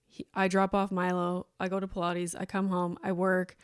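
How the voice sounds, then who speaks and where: A woman's voice: on the low side, completely flat delivery, normal speed, clean tone, dry recording, clean studio sound. A woman in her thirties hosting a podcast, telling a rambling personal story in casual chat with lots of "like". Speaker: podcast host.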